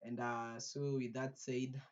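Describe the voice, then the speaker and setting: A man's voice: medium pitch, takes it slowly, lo-fi sound. A man hosting a reaction video, signing off casually with lots of fillers. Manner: relaxed sign-off with fillers.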